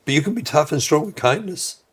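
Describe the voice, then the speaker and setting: A man, a guest speaker on parenting, talking in an animated, emphatic way in a conversational discussion. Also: fairly high pitch, a little fast, slightly rough.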